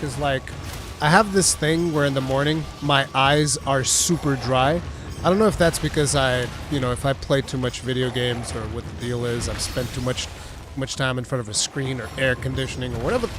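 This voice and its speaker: A man's voice: medium pitch, normal speed, background noise. A man in his thirties streaming a video game, chatting casually, laughing often and swearing freely. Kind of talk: casual gameplay commentary.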